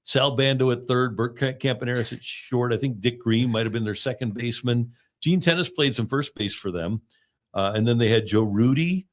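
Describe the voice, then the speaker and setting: A man in his sixties hosting a sports talk show, reminiscing in a relaxed, halting way with many fillers. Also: medium pitch, no room sound, clean studio sound. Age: 60s. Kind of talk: casual sports radio chat. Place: radio studio.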